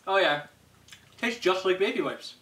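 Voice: mid-range voice, animated, moderate pace, fairly bright tone. A chatty, teasing co-host in a casual chat while tasting candy. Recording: echoey room from far off.

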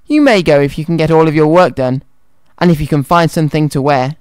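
A man's voice: fairly high pitch, a little fast, a little mellow, smooth, dry recording, close to an everyday voice. A man voicing a haughty, cruel middle-aged stepmother in a storybook reading, bossy and sneering. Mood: cool.

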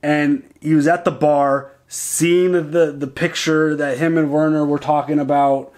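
A man co-hosting a casual reaction show, talking excitedly and acting out lines as he retells scenes. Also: a little high. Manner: excited, quotes characters in quick retellings.

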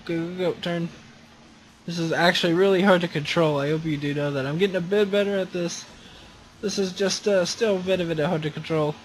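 A man commentating his own racing game, chatty and self-encouraging, bursting into loud excited exclamations. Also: high-pitched, fairly quick, slight background noise, rough recording. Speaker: gaming channel host.

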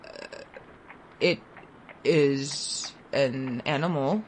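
A woman's voice: a bass voice, slight background noise, pitched below the performer's own voice, full character voice. A woman voicing a poor, ashamed father who stammers hesitantly. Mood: embarrassed. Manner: halting, embarrassed, stammering.

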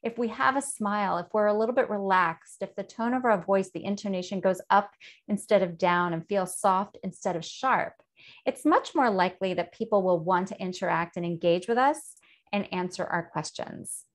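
A woman's voice: mid-range voice, normal speed. A woman hosting a show, explaining a tip to camera in an earnest, instructive way. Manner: earnest, explanatory, demonstrates tones of voice. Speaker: host.

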